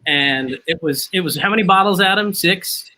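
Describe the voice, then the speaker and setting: Brief: male host, higher voice, bright, playful and teasing, casual chat over a video call. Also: moderate pace, slight background noise. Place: outdoors, then moving inside.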